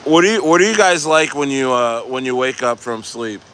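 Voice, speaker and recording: A man chats on a live stream from outdoors near the coast, with faint traffic hum behind him. He rambles loosely, answers his chat, laughs easily, and trails off and restarts his sentences. His voice sits at an everyday middle pitch. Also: expressive, normal speed, fairly bright tone. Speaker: crypto livestreamer reading chat.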